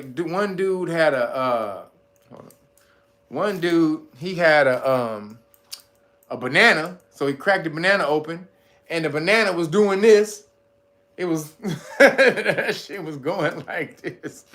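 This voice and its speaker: Lively, high-pitched man talking to his chat. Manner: animated and profane, laughs often, talks to viewers as y'all. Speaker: host. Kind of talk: casual livestream commentary, reading chat.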